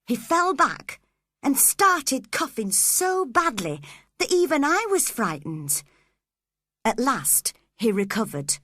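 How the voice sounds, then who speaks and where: A woman reading an audiobook as a measured storyteller. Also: on the high side, sing-song, pushed and bright, dry recording, studio quality. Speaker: audiobook narrator. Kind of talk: scripted audiobook narration.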